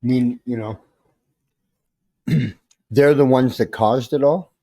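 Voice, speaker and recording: A man hosting a podcast, responding sympathetically to his guest in halting, restarting sentences. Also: medium pitch, mellow, no echo. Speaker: podcast host. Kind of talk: interview conversation. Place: retreat venue.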